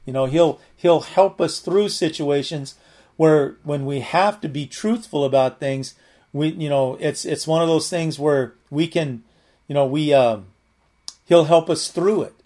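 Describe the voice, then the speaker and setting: A man with a slightly higher voice leads a casual, unscripted Bible study. He talks earnestly and plainly, circling back with restarts and filler as he works through a verse. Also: measured pace, dark tone. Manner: rambling, many restarts and "you know" fillers. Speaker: Bible teacher. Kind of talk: conversational Bible teaching.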